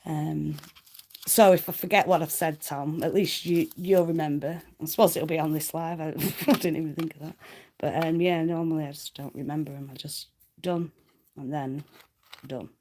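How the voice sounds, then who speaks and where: A woman's voice: low voice, steady tone, moderate pace, mellow, a little hiss or hum. A woman hosting a casual livestream, chatting to viewers in a rambling, self-deprecating way and laughing often. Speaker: livestream host reading cards.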